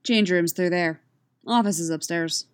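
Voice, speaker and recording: A woman reading the lines of a gruff adult male martial arts coach who talks curtly. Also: fairly low pitch, measured pace, natural voice. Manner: curt and grumbling.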